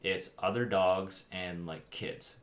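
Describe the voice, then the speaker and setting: A man's voice: sits low, fairly even intonation, slow pace. A man co-hosting a podcast, chatting casually and rambling with lots of fillers. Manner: rambling, full of "um" and "like". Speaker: podcast co-host. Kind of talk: casual chat. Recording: echoey room.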